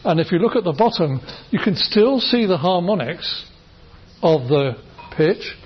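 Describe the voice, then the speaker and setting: A middle-aged man with a slightly raised, husky voice, lecturing eagerly to a class and tripping over his words as he shows demonstrations. The recording is dull and lo-fi, as if taken in a lecture hall. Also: sits high, lively intonation, a little slow. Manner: enthusiastic, chatty, with frequent restarts. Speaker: university lecturer.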